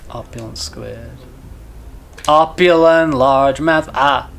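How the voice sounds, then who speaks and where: A man's voice: medium pitch, takes it slowly, gravelly, a bit bright. A man chatting casually to viewers on a live stream, rambling and stammering with lots of repeated words. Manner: chats with viewers between game moments.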